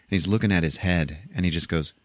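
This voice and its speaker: A man's voice: sits low, fast, no echo. A man hosting a podcast, casually retelling a film's plot and often laughing as he acts out lines. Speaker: podcast host. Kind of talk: casual film recap.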